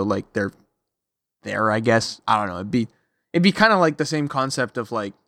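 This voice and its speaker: A man's voice: on the low side, gravelly, a bit bright, dry recording. A man hosting a casual motorsport podcast, talking loosely with lots of "like" and "you know". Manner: loose, chatty, lots of likes. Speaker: podcast host.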